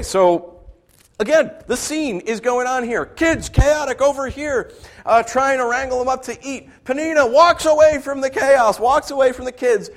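A man preaching a sermon, acting out quoted voices and swinging from loud outbursts to quiet asides. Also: high-pitched. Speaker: pastor.

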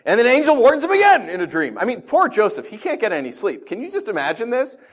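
Speaking very fast in a very high voice, a pastor gives a conversational sermon. He tells stories with animation and keeps asking his audience rhetorical questions.

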